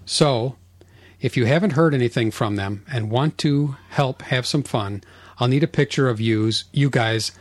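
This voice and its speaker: Husky-voiced man hosting a podcast. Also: medium pitch, a little slow, dry recording. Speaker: podcast host. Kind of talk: casual chat.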